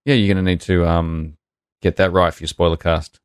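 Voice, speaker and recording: A man with a fairly low voice chatting casually as a podcast co-host and reading out listener emails. The sound is dry and close, with no room echo. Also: fairly even intonation, brisk, smooth. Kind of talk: casual chat.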